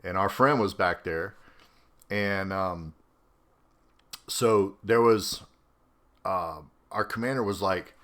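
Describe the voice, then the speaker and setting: A middle-aged man, an army veteran hosting his own podcast, telling a story in a casual, animated way and laughing often. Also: low voice, slow, pauses often. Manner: animated, acts out quoted voices, laughs often.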